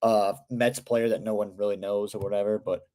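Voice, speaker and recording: A man's voice: fairly low pitch, little pitch movement, brisk, mellow. A young man co-hosting a casual sports podcast. He rambles, trailing off with frequent hedging. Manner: rambling, many fillers and restarts. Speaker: podcast co-host.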